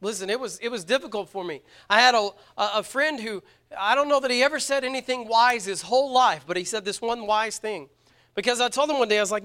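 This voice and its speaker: A man preaches a sermon in a high voice. His tone is bright and ringing. He speaks earnestly, hammering points home with repetition. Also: fast. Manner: earnest, emphatic, repeats words when stressing points. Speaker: pastor.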